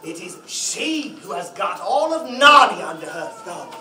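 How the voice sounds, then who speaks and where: A man's voice: sits high, sing-song, unhurried, pushed and bright, exaggerated voice. A man playing a nervous, fussy, guilt-ridden male faun in a live stage play, stammering and exclaiming often. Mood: remorseful. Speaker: stage actor. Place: library hall before an audience. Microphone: far camera. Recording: echoey hall from far off.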